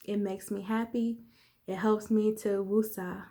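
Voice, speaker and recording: A woman's voice: medium pitch, fairly even intonation, a little slow, mellow, a little hiss or hum. A woman life coach in her thirties, talking candidly and conversationally to viewers in a motivational vlog. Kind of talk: casual motivational vlog talk.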